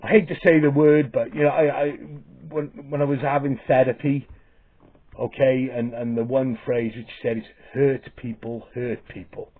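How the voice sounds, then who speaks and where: A man's voice: mid-range voice, level tone, normal speed. A man ranting to camera in a vlog, swearing heavily and stumbling over restarts with repeated "okay?". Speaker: vlogger. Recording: tinny phone-like audio.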